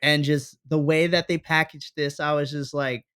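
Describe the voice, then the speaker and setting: A man's voice: fairly high pitch, little pitch movement, normal speed, a bit bright, clean tone. A man co-hosting a podcast, chatting casually and animatedly about a wrestling show, acting out his own reactions. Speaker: podcast co-host. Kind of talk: casual wrestling review chat.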